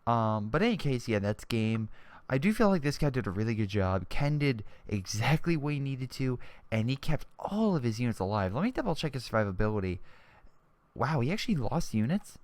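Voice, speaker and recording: A man's voice: medium pitch, sing-song, a little fast, dry recording. Chatty young male game commentator. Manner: chatty, exclamatory, often restarts mid-sentence. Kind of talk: casual strategy game commentary.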